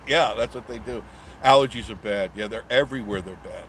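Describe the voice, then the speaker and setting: A man's voice: medium pitch, expressive, normal speed, fairly bright tone, a little hiss or hum. Chatty, jokey middle-aged man. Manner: rambling and jokey, reads comments aloud, chuckles often. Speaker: live-stream host reading viewer comments. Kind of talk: casual live-stream chat.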